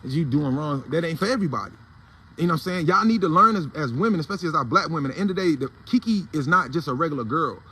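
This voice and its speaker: A man's voice: a little high, expressive, very fast, bright, forceful tone, slightly rough. A man with an African American Vernacular English accent hosting a casual morning commentary, blunt, heated and profane in a preachy way. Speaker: host of a morning commentary show.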